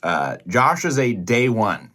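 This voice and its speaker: Lively young American man narrating. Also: on the low side, takes it slowly, slight background noise. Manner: animated, explaining with examples. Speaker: host and narrator. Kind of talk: explanatory voice-over narration.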